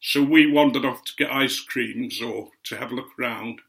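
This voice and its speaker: Older guy spinning a rambling yarn, crisp bright tone, average pitch. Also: normal speed. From Otley, Yorkshire, England. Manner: chatty and meandering, with gentle asides. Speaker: guest speaker recounting memories. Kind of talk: anecdotal storytelling.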